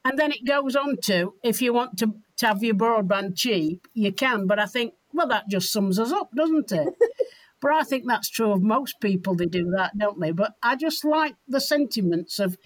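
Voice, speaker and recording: A woman's voice: fairly high pitch, expressive, normal speed, no room sound, poor audio. A Yorkshire woman co-hosting a casual radio chat, jokey and teasing.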